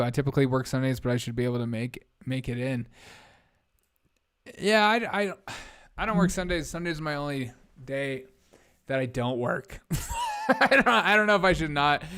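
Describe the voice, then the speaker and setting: A man's voice: mid-range voice, big pitch swings, normal speed, a bit bright, clear, resonant tone. A young man hosting a casual live stream, rambling bluntly and reading out viewer comments. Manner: blunt, rambling, reads chat aloud.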